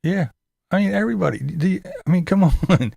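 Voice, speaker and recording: A man's voice: high-pitched, lively intonation, a little fast, vocal fry, mellow, no echo. A man hosting a casual commentary show. He talks to his chat, swears freely and breaks into laughs often. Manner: profane, laughs often, incredulous.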